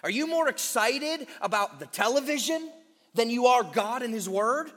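A man preaching a sermon to his church, emphatic and deliberate, slowing on key words with quick asides. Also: very high-pitched, expressive, a bit bright, big-room sound. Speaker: pastor.

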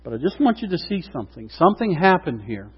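A middle-aged man preaching a sermon, acting out quotes with lively asides to the congregation. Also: fairly high pitch, fast talker, husky. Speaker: pastor. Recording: dull lo-fi sound with long hall reverb.

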